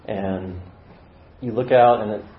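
A man's voice: on the low side, fairly even intonation, slow. A man preaching a sermon as a vivid story and acting out the scenes, in a roomy and slightly dull recording. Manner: vivid, acts out scenes with dramatic swings in volume.

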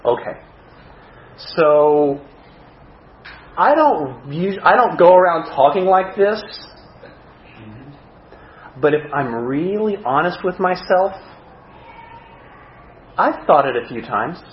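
A man preaching a sermon as a pastor, animated, with self-mocking humor. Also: fairly high pitch, slow pace, pauses often, echoey room, muffled recording.

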